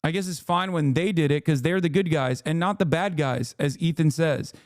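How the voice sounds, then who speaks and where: A man's voice: fairly high pitch, moderate pace, dry recording, clean studio sound. A man hosting a livestream, losing his voice, giving heated, profane and exasperated reaction commentary into a desk mic. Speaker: livestream host.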